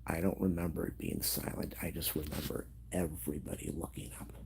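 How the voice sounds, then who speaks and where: A grieving man telling a personal story in a vlog, emotional and halting, at times dropping into a whisper. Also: very deep voice, flat delivery, creaky, noisy background. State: grieving, on the edge of tears.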